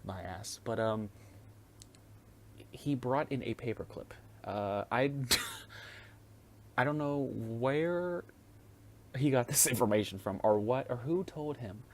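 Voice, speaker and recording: A man's voice: medium pitch, expressive, takes it slowly, long pauses, a little hiss or hum. A young man hosting a casual solo podcast, rambling and swearing freely with frequent chuckles. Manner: profane, rambling, chuckles often. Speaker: podcast host.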